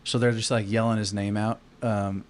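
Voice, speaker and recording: A man's voice: lowish voice, little pitch movement, moderate pace. A man from Arizona telling a long story on a casual podcast, rambling with lots of fillers and swearing. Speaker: podcast co-host.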